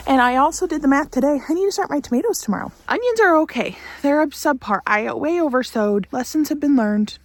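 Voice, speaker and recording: Her voice is high-pitched, animated and brisk, with hardly any pauses. The same thirtysomething from Central Oregon vlogs casually from her snowy homestead and greenhouse, rambling, self-deprecating, sick with a cold and winded from slogging through snow.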